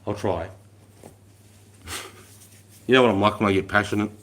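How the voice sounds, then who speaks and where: A middle-aged Australian man, an army veteran, chatting on a livestream and telling stories in an animated, profane way. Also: lowish voice, moderate pace. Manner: profane, animated storytelling, swears constantly. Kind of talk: casual livestream chat.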